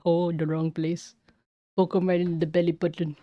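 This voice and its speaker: Brief: woman streamer, lowish voice, rambling casual chat, dry close mic. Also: level tone, normal speed, warm tone, no echo, lo-fi sound. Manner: rambling, searches for words.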